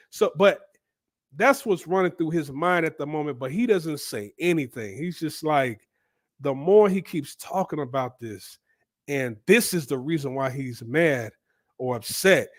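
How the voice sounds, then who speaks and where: A man speaking tells a story casually, in a rambling, chatty manner. He often restarts his sentences and leans on fillers. His voice sits a little higher than most men's. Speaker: vlogger.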